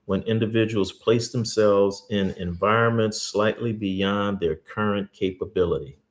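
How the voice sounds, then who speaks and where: Low-voiced man teaching. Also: steady tone. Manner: repeats key points slowly, earnest. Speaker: host. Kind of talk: teaching talk with faith stories.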